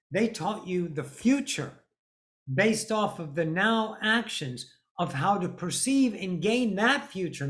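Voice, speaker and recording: A woman talks through a spiritual monologue in a blunt, preachy way, with swearing mixed in. She slows down and leans on key words to drive a point home, like a teacher addressing her followers. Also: mid-range voice. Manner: emphatic, drawn-out stresses.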